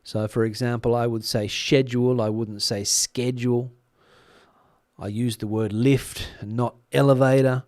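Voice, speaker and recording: Reading viewer comments on a casual live stream, this middle-aged Australian man chats in a relaxed, wandering way, often stopping to restart and filling gaps with ums. He talks at a normal speed with few pauses, and his medium-pitched voice is recorded close and dry, with no sense of a room.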